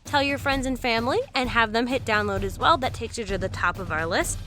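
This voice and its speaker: A woman co-hosting a podcast in a lively, candid way, casually chatting and swearing now and then. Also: on the high side, a little fast, soft background music. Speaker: podcast co-host.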